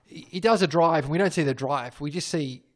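A man co-hosting a casual chat, making wry jokes and giving quick short agreements. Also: fairly high pitch. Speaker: podcast co-host.

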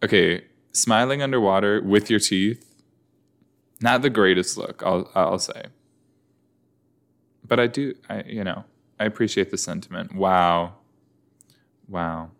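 Slow, low-voiced man joking casually. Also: creaky, a bit bright. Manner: chatty, joking, many fillers. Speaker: reaction video host. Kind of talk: casual reaction commentary.

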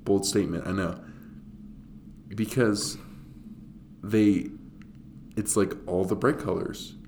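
A man's voice: sits low, steady tone, slow pace, gravelly, darkish tone, slight background noise. A young man co-hosting a casual podcast, blunt and joking as he trades mock threats with his friend. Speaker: podcast co-host. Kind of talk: casual chat.

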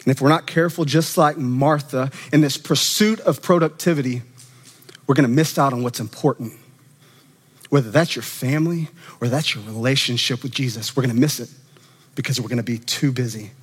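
A man preaching an animated, conversational sermon as a student minister, acting out quoted voices. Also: medium pitch, a little fast, slightly rough. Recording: long reverb of a church hall.

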